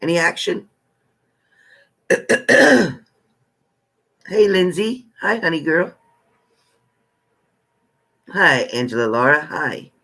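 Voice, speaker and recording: A man's voice: a little high, expressive, drawn-out words, vocal fry, pauses often, bright, forceful tone. A man hosting a live tarot stream, chatting casually and greeting viewers by name with familiar terms like honey.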